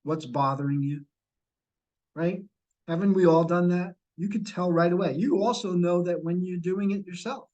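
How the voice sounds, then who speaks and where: A man's voice: high voice, fairly even intonation, moderate pace, mellow, dull audio. A middle-aged man leading a sales training session over a video call, coaching and repeating key points. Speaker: real estate sales trainer.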